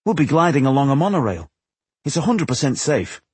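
A male narrator voicing a calm, knowledgeable male dwarf scholar who explains things patiently. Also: mid-range voice, a little fast, breathy edge, no room sound, pitched above the performer's own voice. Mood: explaining. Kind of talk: audiobook character voice.

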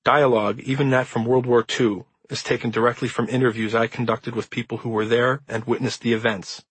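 Man, author narrating, husky tone, dry close recording, measured earnest delivery. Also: mid-range voice, flat delivery, fairly bright tone, dry recording, poor audio. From Midwestern United States. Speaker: author reading his own introduction. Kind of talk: audiobook narration.

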